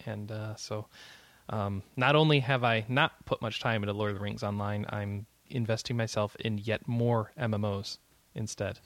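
A man's voice: lowish voice, steady tone, normal speed, fairly bright tone, dry recording. A man co-hosting a podcast, chatting casually through game news with frequent fillers and easy laughter. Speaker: podcast co-host.

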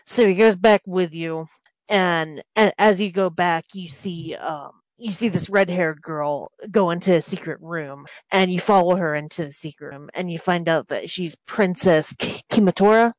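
A woman's voice: on the low side, normal speed, no echo, rough recording. A woman casually recapping a video game's story on a podcast, rambling with many restarts and fillers. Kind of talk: casual game plot recap.

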